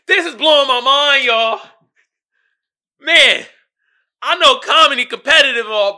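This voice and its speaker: A male podcast host in casual solo commentary, animated, swinging from mumbles to shouts and laughing often. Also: extremely high pitch, moderate pace, long pauses.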